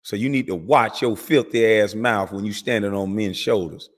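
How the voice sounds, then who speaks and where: A man delivering an angry, profane commentary rant as host of his channel. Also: in a large hall. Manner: heated, profane, rapid swings in pitch and volume.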